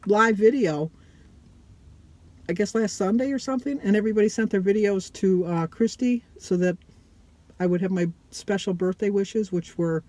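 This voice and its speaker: A woman's voice: mid-range voice, mellow, low-quality recording. A woman in her sixties, talking in a rambling, heartfelt way as she vlogs from her car, tearful at times. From United States. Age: 60s. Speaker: vlogger. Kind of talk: emotional casual vlog. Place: in a car stopped in traffic. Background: traffic and outdoor noise.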